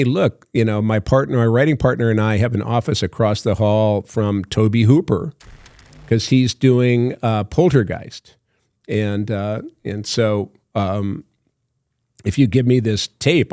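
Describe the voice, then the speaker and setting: An older man with a low, gravelly voice tells a long story as a podcast guest. He rambles and halts, filling gaps with plenty of uhs and ums, and slips into the voices of the people in his story. The sound is close and dry. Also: a little mellow, dry recording. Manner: rambling, halting with many fillers, acts out phone calls. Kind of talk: casual storytelling.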